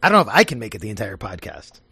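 A man's voice: on the low side, wildly swooping pitch, very fast, vocal fry, bright, forceful tone, breathy edge, no room sound. A man co-hosting a podcast in casual chat, amused and laughing often. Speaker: podcast co-host.

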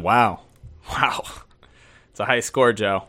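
A man's voice: medium pitch, moderate pace, sharp tone. Male podcast co-host, wry, reads fan mail with laughs. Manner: wry, laughs while reading aloud. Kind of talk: casual podcast chat, reading listener submissions.

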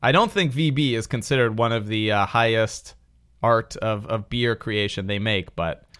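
A man's voice: fairly low pitch, normal speed, a bit bright. A man hosting a podcast, chatting jokingly and then reading facts aloud in long runs. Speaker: podcast host. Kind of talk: casual chat with read-aloud facts.

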